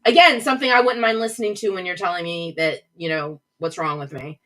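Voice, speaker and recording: A middle-aged woman hosts her own livestream show from a home office, chatting casually and gushing as she answers viewers' comments. Her voice is lowish, fairly quick, bright and forceful.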